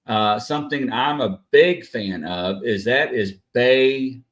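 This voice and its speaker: A man's voice: medium pitch, slow pace, muffled recording. A man hosting a casual live stream, chatty and full of "uh" fillers, greeting viewers by name. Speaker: host.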